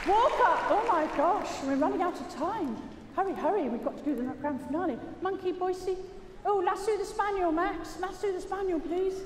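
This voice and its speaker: High-voiced British woman over an arena PA. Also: expressive, moderate pace, some chatter behind, slight background noise. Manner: jokey and chatty, praising dogs between explanations. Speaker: gundog trainer giving a live arena demonstration. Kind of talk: live commentary over a loudspeaker. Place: large indoor arena. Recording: echoey arena PA from far off.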